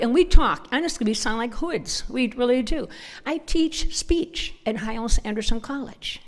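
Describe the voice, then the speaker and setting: A woman's voice: a little high, lively intonation, moderate pace, a little hiss or hum. A woman with a northern US accent speaking at a church conference. She tells personal stories in a chatty, informal way and often breaks into laughter. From northern United States. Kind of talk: personal storytelling talk.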